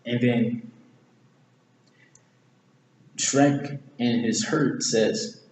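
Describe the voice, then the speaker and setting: A man's voice: mid-range voice, fairly even intonation, unhurried, pauses often, darkish tone. A man casually analyzing a movie, rambling, correcting himself often and using slang. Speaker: movie reviewer. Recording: echoey room with long reverb, faint hiss.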